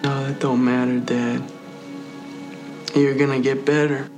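An actor playing a grown son who speaks softly and plainly to his father in a film. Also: medium pitch, level tone, unhurried, lightly acted. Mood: tender. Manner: soft, plain, reassuring. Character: grown son, quiet and reassuring. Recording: film audio with clear music underneath.

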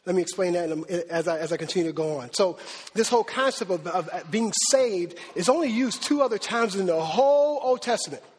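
A man preaching a sermon with animated, emphatic delivery, repeating words for stress. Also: high voice, a little fast, slight background noise. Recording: long hall reverb.

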